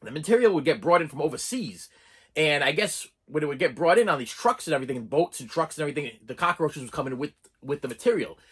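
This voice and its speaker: Husky-voiced man rambling about movies. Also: on the high side, animated, fast talker, a bit bright. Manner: rambling, with frequent restarts and asides. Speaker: movie collection reviewer. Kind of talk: casual rambling vlog talk.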